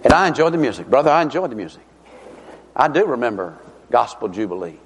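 A man's voice: mid-range voice, very animated, quick pace, noisy background. A man preaching a sermon in a church, folksy and conversational, telling stories and asking the congregation questions. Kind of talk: sermon with storytelling and humor. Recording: long hall reverb.

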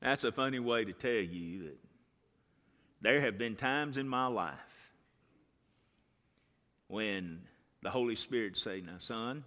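A man preaching a sermon, telling folksy stories and swinging from hushed lines to loud ones. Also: mid-range voice, lively intonation, takes it slowly, pauses often. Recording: reverberant hall.

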